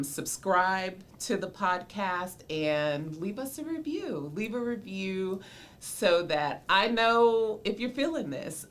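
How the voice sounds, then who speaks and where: A woman in her forties with a notably low, deep speaking voice hosts her own podcast. She talks in a loose, chatty way, drifting into nostalgia, laughing often, and tossing in a friendly "y'all" as she addresses listeners directly. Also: fairly bright tone. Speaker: podcast host and mother. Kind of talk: casual solo podcast chat.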